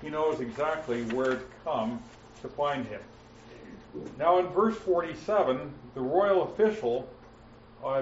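A man teaching verse by verse through a Bible passage, with frequent "uh" fillers and slowing down to stress quoted words. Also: medium pitch, a little hiss or hum. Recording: roomy, muffled, mic at a distance.

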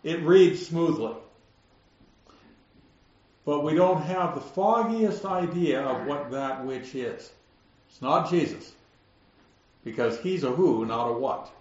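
A man teaching the Bible verse by verse, explaining the text and slowing down to stress key words. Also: a little high, darkish tone. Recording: roomy, slightly dull recording.

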